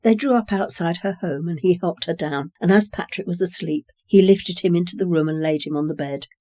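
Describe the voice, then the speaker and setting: A narrator reading a short story aloud in a calm, measured way. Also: mid-range voice, no echo, studio quality.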